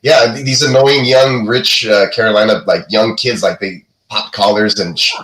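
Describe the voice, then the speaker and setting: A man's voice: lowish voice, fairly even intonation, normal speed, a bit bright, echoey room, rough recording. A man co-hosting a podcast in casual chat, laid-back, swearing freely and laughing often. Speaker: podcast co-host.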